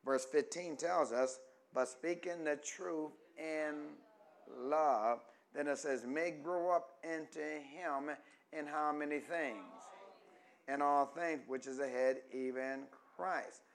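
A man pastor preaching a call-and-response sermon, asking the congregation questions and stretching key words slowly for emphasis. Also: a little high, steady tone. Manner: rises from quiet teaching to loud emphatic preaching.

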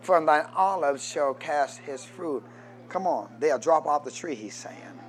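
A man preaching a sermon, reading scripture and rising into shouted call-and-response with the congregation. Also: a little high, expressive, a little slow.

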